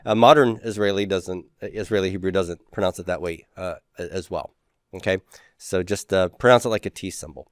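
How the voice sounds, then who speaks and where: A man's voice: low-pitched, normal speed, no room sound, clean studio sound. A man teaching a class, drawing out letter sounds and adding joking asides. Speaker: Hebrew teacher. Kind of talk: classroom lecture.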